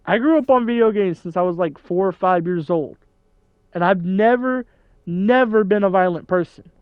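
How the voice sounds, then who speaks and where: Chatty young man with a high voice. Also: clean tone, no echo, narrow, tinny audio. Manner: rambling, self-amused, quick to laugh at his own jokes. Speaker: gaming channel host. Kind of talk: casual let's-play commentary.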